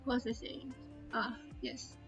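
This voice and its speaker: A woman's voice: a little high, fairly even intonation, measured pace, a bit bright, faint music behind, rough recording. A young woman streamer chatting candidly and openly, holding back tears, trailing off often with fillers. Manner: open, heartfelt, trailing off with many fillers. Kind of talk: candid casual chat.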